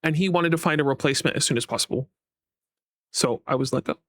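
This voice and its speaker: A man's voice: on the high side, fast talker, a bit bright, no room sound. A man giving a casual personal update to his viewers as a VTuber, rambling and frustrated, swearing often. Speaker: VTuber and YouTube creator.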